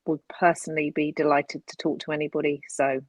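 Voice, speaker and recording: A woman's voice: low-pitched, level tone, brisk, no room sound. A woman guest from the conference team, speaking friendly and encouraging on a podcast. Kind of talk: casual podcast conversation.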